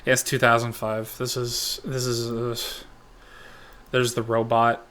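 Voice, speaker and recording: A man's voice: mid-range voice, slow. Rambling, profane male reaction host. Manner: rambling, animated, swears a lot. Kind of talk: profane comedic commentary.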